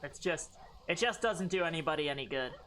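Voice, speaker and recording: A woman's voice: deep voice, expressive, brisk, fairly bright tone, slight background noise. A woman streaming a game, chatting casually with a playful, sarcastic manner and loose swearing. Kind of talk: casual gaming stream chat.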